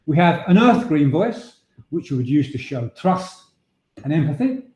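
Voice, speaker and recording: A man's voice: a little high, sing-song, a little mellow. A man presenting a webinar on voice and leadership, explaining points steadily with occasional restarts. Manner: measured, explanatory, with frequent filler restarts. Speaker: voice and presentation trainer. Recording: echoey room sound.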